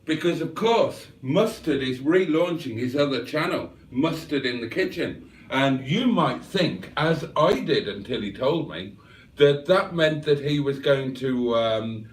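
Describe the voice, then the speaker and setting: A man's voice: medium pitch, expressive, measured pace, far from the mic. A man from England hosting a casual livestream, reading the chat aloud with cheeky banter. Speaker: livestream host.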